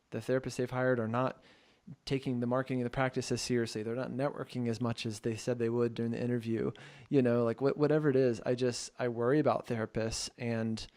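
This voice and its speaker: A man hosting a podcast in casual chat, animated, playing out clients' lines. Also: mid-range voice. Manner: animated, acts out clients' voices, laughs often. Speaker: podcast host.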